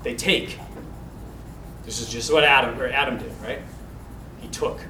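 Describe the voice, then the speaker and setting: A man giving a casual, animated Bible teaching to a class, talking loosely with fillers and restarts. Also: medium pitch, unhurried, reverberant, recorded from a distance, slight background noise, poor audio. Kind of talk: casual teaching talk to a mixed group.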